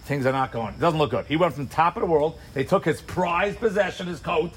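A man teaching a Torah class to a live audience, telling the story in an animated way, full of rhetorical questions and acted-out asides. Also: fairly high pitch, fairly quick, slight background noise. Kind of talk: sermon-style Torah class.

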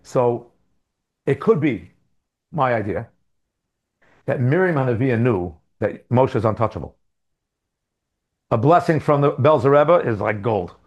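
A man giving a Torah class as a religious teacher, animated, with rhetorical questions and emphatic repetitions. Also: medium pitch, measured pace, pauses often.

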